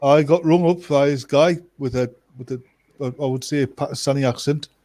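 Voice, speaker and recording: A man in casual chat who tells stories in a deadpan, jokey way and swears freely. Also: medium pitch, moderate pace.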